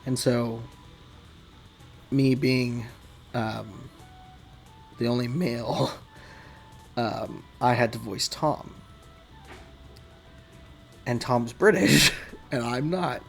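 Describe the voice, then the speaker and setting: A game developer talks through his work in a relaxed, rambling way, often poking fun at himself. His voice is a man's at middle pitch with a gravelly edge, unhurried. Faint game music plays under him. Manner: rambling, self-deprecating, laughs often. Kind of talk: casual behind-the-scenes commentary.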